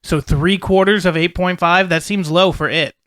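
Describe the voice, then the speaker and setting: A man's voice: high voice, fairly even intonation, normal speed, a bit bright, dry recording, studio quality. A man co-hosting a podcast in casual chat, emphatic and argumentative, swearing casually. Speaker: podcast co-host.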